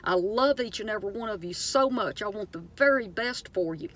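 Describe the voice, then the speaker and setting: A woman's voice: mid-range voice, a little fast, slight background noise. Middle-aged Southern woman, earnest and preachy, rambling vlog storyteller. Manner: earnest, preachy, animated storytelling with many fillers. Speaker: vlogger. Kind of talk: casual inspirational monologue.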